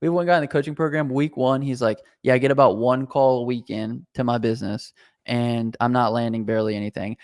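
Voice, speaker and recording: An energetic man talks in loose, casual podcast banter, firing off dude every few lines. His voice sits at an ordinary pitch. The sound is dry and close to the mic. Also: quick pace, dry recording. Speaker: co-host.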